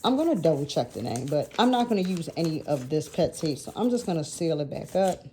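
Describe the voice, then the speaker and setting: Brisk, with big pitch swings, a woman in her thirties chats through her planner decorating for her vlog, rambling loosely, correcting herself often, and laughing between thoughts. Her voice is low and mellow, the mood is easygoing, and there's a little hiss or hum.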